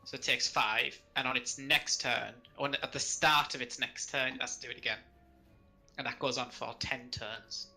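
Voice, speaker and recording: A man's voice: medium pitch, steady tone, sharp tone, faint music behind, poor audio. A man playing a tabletop game, talking casually and in stops and starts as he casts spells. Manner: chatty, stop-start, quick to laugh. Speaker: player casting spells.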